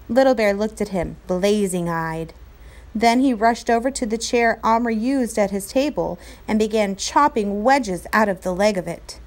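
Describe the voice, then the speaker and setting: A woman teacher reading a novel aloud to her class, clear and expressive. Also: mid-range voice, normal speed.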